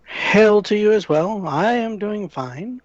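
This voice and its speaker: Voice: medium pitch, animated, takes it slowly, dry recording. Player with a dull, dry lo-fi sound. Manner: friendly, searching for words. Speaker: player voicing a mouse-folk cleric. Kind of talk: in-character tabletop play.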